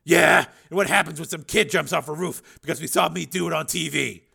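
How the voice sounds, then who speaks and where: Man voicing tough male cyborg lieutenant, gravelly, gruff, forceful, audiobook. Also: a little high, fairly quick, pitched above the performer's own voice, heavily acted. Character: tough male cyborg cop, blunt, irritable.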